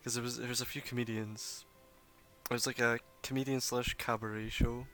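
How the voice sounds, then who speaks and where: A man's voice: medium pitch, level tone, fairly quick, a bit bright. Man, game master, casual break chat, rambling story, swears a lot, mid-range voice.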